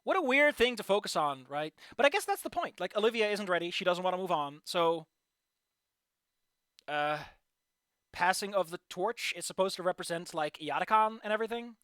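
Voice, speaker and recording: Animated, cussing male streamer. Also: sits high, normal speed, clean tone, no echo, clean studio sound. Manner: profane, animated, jokey. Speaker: streamer playing a visual novel. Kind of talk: casual let's-play commentary and reading.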